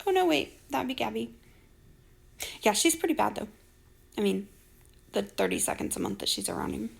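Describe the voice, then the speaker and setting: A high-pitched woman in her forties talks through online drama with sarcasm and a heavy gravelly fry. She sounds exasperated and keeps slipping into mocking impressions of the people she describes. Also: animated, normal speed. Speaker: social media commentator. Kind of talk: gossip commentary.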